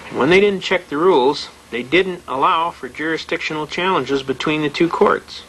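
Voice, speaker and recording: A man's voice: on the high side, moderate pace, a bit bright, slight background noise, rough recording. An older man giving a plain-spoken, emphatic lecture to a live audience, telling anecdotes as he goes. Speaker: seminar speaker on constitutional rights.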